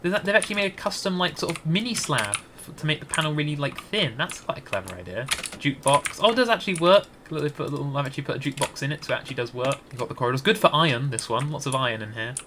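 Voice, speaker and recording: A man's voice: fairly high pitch, sing-song, racing, background noise. A Scottish man giving rambling, hesitant gameplay commentary into a desk mic, with many restarts. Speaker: gaming YouTuber.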